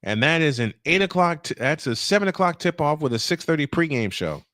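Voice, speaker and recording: A male announcer calls basketball play-by-play from what sounds like a home setup. His delivery is animated, with big swings in pitch, and he drifts into chatty, self-deprecating asides. The sound is dry and close, with no room echo. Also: fairly quick.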